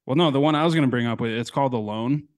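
A man's voice: medium pitch, quick pace, no echo. A young man co-hosting a podcast, telling a story in casual chat, swearing and laughing a lot. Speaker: podcast co-host.

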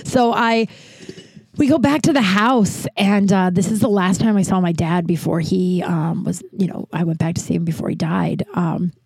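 A woman's voice: fairly low pitch, steady tone, normal speed, gravelly, a little mellow, husky, dry recording. A woman hosting a podcast, telling a personal story in a rambling, confessional way with wry, self-mocking asides. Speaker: podcast host. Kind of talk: candid personal monologue.

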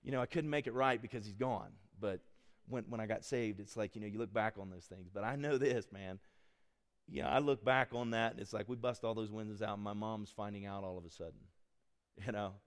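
A middle-aged man preaching a sermon, mixing scripture with animated personal stories that he laughs at. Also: lowish voice, brisk. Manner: animated storytelling, laughs at his own stories. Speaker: pastor. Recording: long hall reverb.

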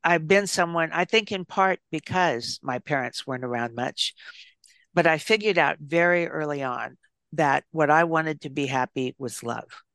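An older woman, an author and psychologist, speaking as a guest in an interview, reflecting and telling stories with gentle restarts. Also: deep voice, dry recording, studio quality. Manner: thoughtful storyteller with gentle restarts.

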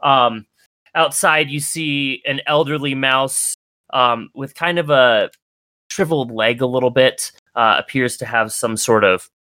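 Bright-voiced game master narrating. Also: male voice, medium pitch, a little slow, dry recording. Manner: relaxed, descriptive, with frequent ums.

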